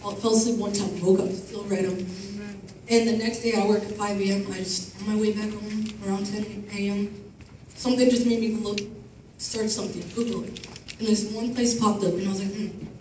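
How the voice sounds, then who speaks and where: A woman's voice: mid-range voice, fairly even intonation, a little fast, darkish tone. A woman sharing a personal testimony with a group in a chatty, self-conscious way, often laughing and apologizing. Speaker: church member giving testimony. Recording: echoey room, distant mic, noisy.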